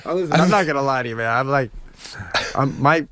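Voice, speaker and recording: A man's voice: medium pitch, quick pace, fairly bright tone, no room sound. A man co-hosting a casual comedic chat, laughing often and reassuring his friend. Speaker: co-host.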